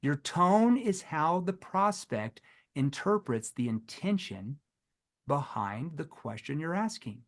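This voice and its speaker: Man, sales trainer, fairly high voice, emphatic, quizzes the audience. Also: very animated, slow pace. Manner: emphatic, fires rhetorical questions at the audience. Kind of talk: live online sales training.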